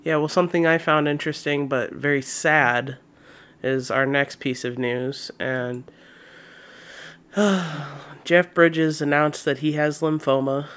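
A young man co-hosting a casual podcast, chatty, relaxed and quick to laugh. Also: fairly high pitch, clear, resonant tone. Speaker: podcast co-host.

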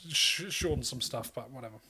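A young man co-hosting a casual podcast chat, swearing freely, rambling and breaking into loud laughter. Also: medium pitch, lively intonation, brisk. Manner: crude, joking, laughs loudly and rambles. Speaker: podcast co-host.

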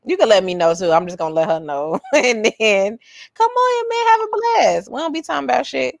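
A woman's voice: on the high side, very animated, brisk, vocal fry, no room sound, studio quality. A woman co-hosting a podcast in casual chat, swearing, teasing and laughing often. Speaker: podcast co-host.

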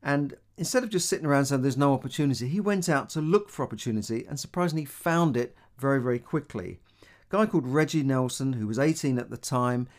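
A middle-aged Cockney man from London, a money advice host, delivers a casual monologue on money and opportunity at a fast pace. His pitch sits in a normal male middle range, and he rambles conversationally, restarting often and saying "you know" a lot.

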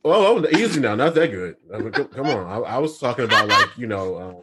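Lively man over loud noise. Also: medium pitch, quick pace. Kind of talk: casual chat.

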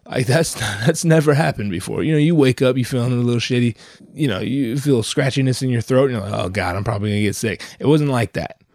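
A young man runs his own solo podcast, rambling casually with profanity and self-mockery while sick and slightly nasal. His mid-range voice is brisk and a little mellow, captured on a headset mic with clean, studio-quality sound and no room echo.

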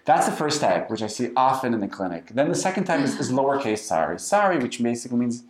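A man's voice: medium pitch, sing-song, fast, echoey room. A man hosting a podcast with his wife, explaining ideas in a casual, playful way. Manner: explanatory, playful, acts out sarcastic apologies. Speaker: podcast host.

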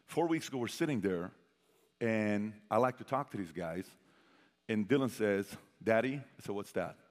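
A man telling a personal story to a live audience as a motivational speaker. He quizzes the crowd and swings between loud bursts and hushed asides. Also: fairly low pitch, expressive, normal speed. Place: large hall with an audience. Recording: long hall reverb.

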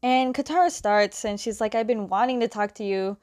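A woman casually retelling the scenes of a comic, quoting the characters' lines with fillers and quick self-corrections. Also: fairly high pitch, darkish tone. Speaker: comic recap host. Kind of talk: casual story recap.

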